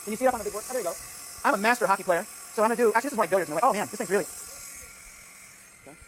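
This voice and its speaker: A man's voice: sits high, racing, a bit bright, slight background noise. A man lecturing on physics in a lecture hall, thinking aloud with frequent restarts and "right?" checks as he runs a live demonstration. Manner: thinks aloud, many restarts and tag questions. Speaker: physics professor.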